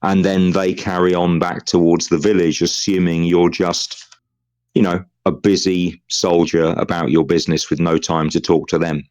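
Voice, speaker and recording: Game master, male, deep register, unhurried narration with many ums. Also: little pitch movement, darkish tone, highs cut off. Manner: measured, with frequent ums.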